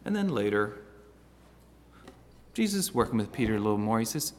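Earnest preacher in a reverberant hall. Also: male voice, lowish voice, very animated, normal speed, slight background noise. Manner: earnest, stammering restarts, swings between loud and hushed. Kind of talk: sermon.

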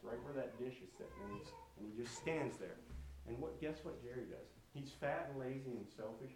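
A man tells children a homespun story with a moral, drawing them in with questions and imitating animal noises along the way. His voice sits at an ordinary middle pitch. He is heard from a distance in a roomy, echoing space. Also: a little mellow, slight background noise. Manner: asks the listeners questions and imitates animal sounds. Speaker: storyteller teaching children a lesson.

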